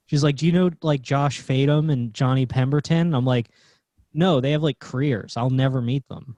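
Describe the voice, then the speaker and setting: A man who does stand-up, guesting on a podcast and telling dry, self-mocking stories about dating. His pitch is ordinary for a man. He is recorded close and dry. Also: moderate pace, warm tone, no echo. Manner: wry, self-deprecating storytelling. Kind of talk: casual chat.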